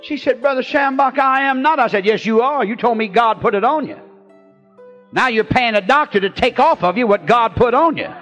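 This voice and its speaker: Man, preacher, very high voice, bright and forceful, shouted refrains, faint music behind. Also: lively intonation, highs cut off. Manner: preaching with shouted, drawn-out refrains and folksy storytelling. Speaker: pastor. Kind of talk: revival sermon. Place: church before a congregation.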